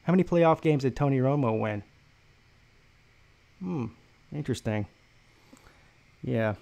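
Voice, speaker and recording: A man's voice: medium pitch, brisk, warm tone. A man hosting a casual sports talk stream, telling a story in a profane, mocking way.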